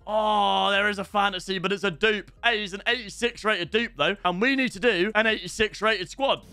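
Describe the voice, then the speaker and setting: Young british guy streaming a football game, high and clear voice, dry close sound, chatty and hyped. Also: normal speed, dry recording. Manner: excitable banter, bursts of shouting at goals. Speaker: gaming streamer. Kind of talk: live gaming commentary.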